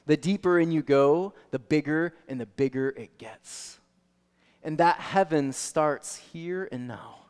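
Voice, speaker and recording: A male pastor preaching a sermon, animated storytelling that swings from soft to loud. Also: on the high side, slow pace, smooth. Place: church sanctuary. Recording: long reverb of a church hall.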